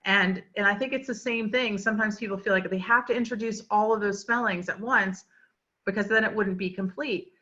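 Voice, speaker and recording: Bright-voiced woman teaching a webinar. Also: mid-range voice, steady tone, fairly quick. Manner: chatty, explanatory, frequent fillers. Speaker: literacy teacher presenting a webinar. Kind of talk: webinar lecture. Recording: dull lo-fi webinar audio.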